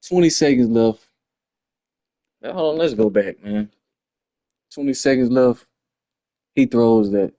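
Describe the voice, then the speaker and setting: A man's voice: medium pitch, measured pace, long pauses, dark tone, no echo, clean studio sound. A man, breaking down a lost football video game in a frustrated, slangy ramble on a livestream. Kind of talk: casual game replay breakdown.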